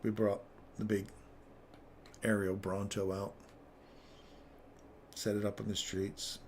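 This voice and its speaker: A man's voice: on the low side, completely flat delivery, slow pace, slight background noise. A man telling a rambling story on a live trading stream, chuckling between phrases.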